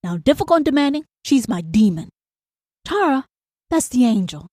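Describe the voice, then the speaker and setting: A woman's voice: fairly high pitch, big pitch swings, normal speed, mellow, dry recording, clean studio sound. A woman hosting a solo podcast, talking bluntly and profanely and hammering her points home with "do you understand?". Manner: acts out an inner angel and demon in quoted voices. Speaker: podcast host.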